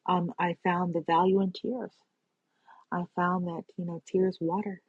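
A woman's voice: on the low side, flat delivery, a little slow, slightly rough, no room sound. A woman giving an earnest, spiritual personal monologue, often checking in with "right?" and "you know". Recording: dull lo-fi sound.

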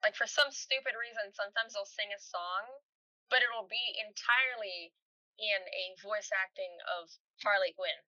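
Bright female co-host, dry close mic, playful and chatty. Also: mid-range voice, no room sound, muffled recording. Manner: playful, chatty, quick asides. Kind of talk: casual chat.

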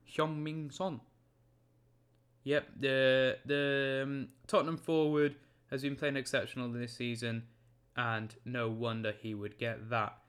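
A young man, hosting a casual solo football podcast in a rambling, jokey way with quick self-corrections. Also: mid-range voice, a bit bright, clear, resonant tone.

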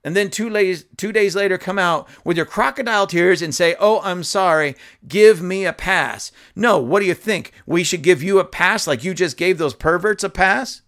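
A man's voice: high voice, normal speed, few pauses, a bit bright. A man giving opinionated commentary, reading news aloud and scolding emphatically, with fillers and restarts along the way. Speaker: political commentator.

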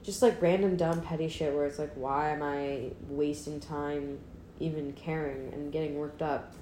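Low-pitched twenty-something woman rambling to her mic, self-deprecating, swears a lot, faint hum behind her. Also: fairly even intonation, moderate pace, mellow. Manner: candid, self-deprecating, rambling with fillers and profanity. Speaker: podcast host. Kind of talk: casual solo chat. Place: old apartment, indoors.

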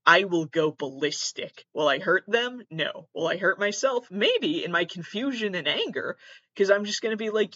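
A man hosting a podcast, ranting in a profane, self-deprecating way, with sudden loud outbursts and mumbled asides. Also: sits high, sing-song, normal speed, no echo, lo-fi sound. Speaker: podcast host. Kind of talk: comedic rant.

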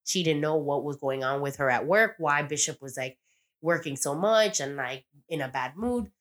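A woman's voice: deep voice, moderate pace. A woman casually recapping a TV episode on a podcast, rambling, swearing freely and acting out the characters' lines. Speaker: podcast co-host.

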